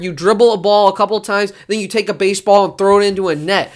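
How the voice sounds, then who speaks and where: A man talking sports straight to camera in a loose, rambling vlog. He gets animated and his voice leaps up in pitch when he is worked up, then drops low and dry for asides. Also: normal speed. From Detroit area. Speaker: sports vlogger. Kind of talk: casual sports rant.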